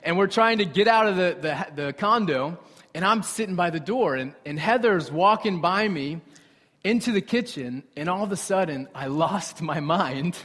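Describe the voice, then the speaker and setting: A young man preaching a sermon with animated storytelling and conversational asides to the congregation. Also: sits high, normal speed. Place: church sanctuary. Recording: reverberant hall.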